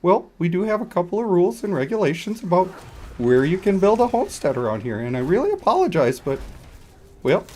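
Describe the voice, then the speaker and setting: A man voicing an overly polite, apologetic neighbor with a Canadian accent, hesitant and soft-spoken. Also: sits high, big pitch swings, fairly quick, voice pushed up.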